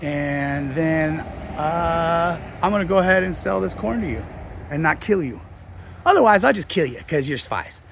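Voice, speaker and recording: A man's voice: a little high, expressive, unhurried, creaky, slight background noise. A man voicing a stern young man in power who bluntly accuses and threatens in a casual retelling.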